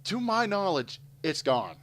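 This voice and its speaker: A man's voice: high voice, unhurried, a little hiss or hum. A man casually telling a long, rambling story full of swearing while playing a game. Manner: rambling, profane, animated storyteller. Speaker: gameplay commentator. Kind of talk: casual storytelling over gameplay.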